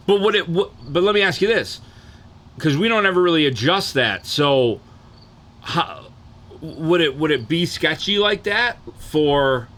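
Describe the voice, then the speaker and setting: A man is ranting on a livestream in a loose, animated, profane way. His voice has a bright, forceful edge, and he keeps circling back to check that his listeners follow. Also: medium pitch. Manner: animated, profane, repeats "you know what I'm saying". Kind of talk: casual livestream rant.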